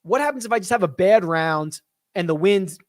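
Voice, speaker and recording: A young man with a somewhat high voice talks through viewer questions on a live stream, musing aloud as he goes. His voice sits close and dry, with no room sound around it. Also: animated, moderate pace, dry recording. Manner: chatty, thinks aloud, reads viewer questions. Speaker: host. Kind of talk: casual live-stream chat.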